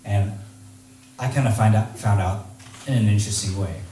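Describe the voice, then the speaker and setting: A man giving a storytelling talk to an audience, animated and acting out the voices of people he quotes. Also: on the low side, normal speed, distant mic, faint music behind. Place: large hall with audience. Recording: echoey hall, voice from off-mic.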